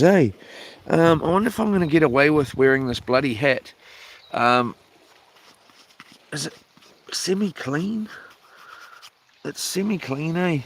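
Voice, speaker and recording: A man with a fairly high, slightly bright voice vlogs on a handheld phone at an island camp beside the water. His casual chat is relaxed and rambling, filled with slang and plenty of ums.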